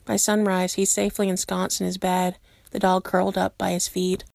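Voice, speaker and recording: A woman narrating a story aloud in a steady, measured way. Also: fairly low pitch, vocal fry, no echo, studio quality. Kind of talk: reading fan fiction aloud.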